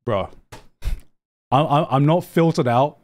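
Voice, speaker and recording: Brief: young male streamer, high-pitched and unhurried, excitable, swears, repeats himself. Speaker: anime streamer. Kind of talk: animated casual ranting.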